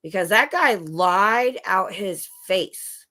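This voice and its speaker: A woman's voice: mid-range voice, lively intonation, slow, bright, forceful tone. Chatty woman hosting a late-night stream. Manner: chatty, talks to her dogs between topics, many restarts. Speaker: livestream host. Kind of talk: casual late-night chat. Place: home, dogs in the room. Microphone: livestream setup.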